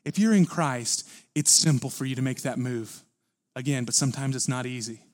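A man preaching a sermon at a church service, earnest and building to forceful emphasis. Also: mid-range voice, moderate pace. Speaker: pastor.

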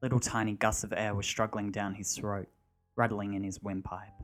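A man reads a dark story aloud in a low, steady voice. His delivery is measured and even. Faint music sits underneath the narration.

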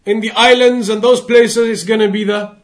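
A man's voice: sits high, flat delivery, normal speed. A man teaching an Islamic creed lesson, emphatic and repetitive, full of rhetorical questions.

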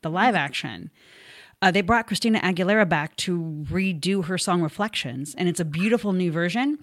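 A woman's voice: on the low side, animated, normal speed, dry recording, studio quality. Upbeat woman podcast host. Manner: upbeat, chatty, casual swearing. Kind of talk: casual interview chat.

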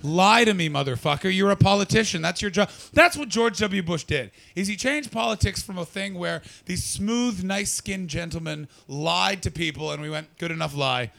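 A man's voice: high voice, moderate pace, creaky, hardly any pauses, a bit bright. A man doing stand-up, brashly and profanely teasing the audience in crowd work. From not from Britain. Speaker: stand-up comedian.

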